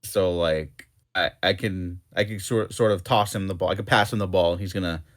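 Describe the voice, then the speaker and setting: Lower-voiced man rambling with fillers. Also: fairly even intonation, brisk. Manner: rambling, heavy use of "like" and fillers. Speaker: co-host. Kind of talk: casual comic book discussion.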